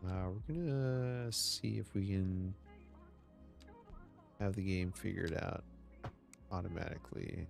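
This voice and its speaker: Low and rough, this man talks in a loose, rambling way while he builds in a game. His voice sits very deep with a gravelly edge. Soft game music plays behind him. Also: takes it slowly, long pauses. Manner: rambling storytelling with many restarts. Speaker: streamer. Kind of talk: casual gameplay chat. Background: faint game music.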